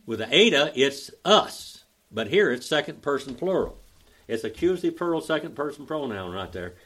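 An older man with an Oklahoma Southern accent, teaching a Bible study in a folksy, drawling way and spelling out the Greek grammar slowly. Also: a little high, very animated, fairly bright tone.

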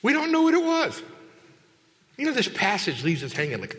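A man preaching a sermon as a pastor, lively and conversational, acting out quoted voices with big jumps in pitch. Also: normal speed. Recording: long hall reverb.

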